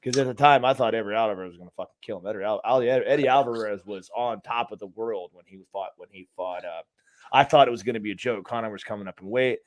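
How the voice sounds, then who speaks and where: This podcast co-host speaks quickly in a fairly low voice, with no room sound at all. He chats casually, meandering and swearing, often starting sentences over.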